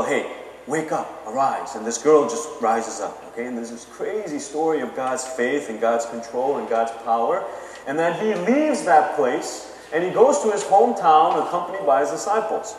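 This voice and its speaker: A man's voice: mid-range voice, slight background noise. Man preaching in an echoey hall. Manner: conversational, keeps asking "okay?". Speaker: pastor. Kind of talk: sermon. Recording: echoey hall, mic from far off.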